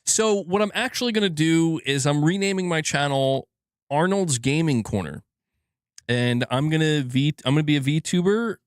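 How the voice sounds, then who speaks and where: A male streamer chats casually on a live stream, cracking jokes, cursing freely and laughing at his own lines. His pitch swings widely and animatedly. The sound is dry and close. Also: lively intonation, normal speed, smooth, no room sound. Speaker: gaming news streamer.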